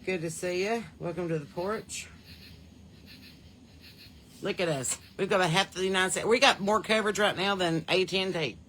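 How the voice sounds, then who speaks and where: A woman's voice: on the low side, moderate pace, long pauses, a bit bright, a little hiss or hum. A woman with a Southern US accent hosting a casual podcast livestream, greeting viewers by name and home state in a chatty, folksy way. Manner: chatty, folksy, reads out viewers' names and places. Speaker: podcast host.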